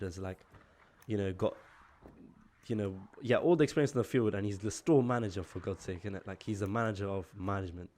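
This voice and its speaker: Young man, slightly low voice. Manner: chatty, heavy on "like" fillers, exasperated storytelling. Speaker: vlogger. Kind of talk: casual story time.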